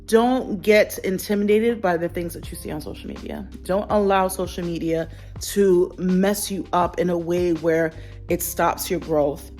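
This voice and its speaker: A woman's voice: on the low side, a little slow, a little mellow, faint music behind. A woman vlogger speaking candidly to camera in an earnest, reflective way, often repeating phrases for emphasis. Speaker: lifestyle vlogger.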